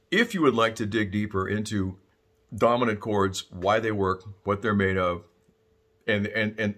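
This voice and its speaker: Sax teacher guy, congested, keeps clearing his throat, low voice that jumps around a lot. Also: fairly bright tone. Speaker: saxophone teacher. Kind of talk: casual video lesson.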